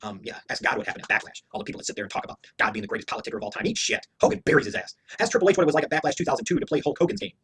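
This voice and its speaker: A man's voice: fairly high pitch, very animated, very fast, hardly any pauses, a bit bright, slightly rough. A man giving a heated, profane, opinionated review rant as a wrestling show reviewer, hammering his points with emphatic repetition.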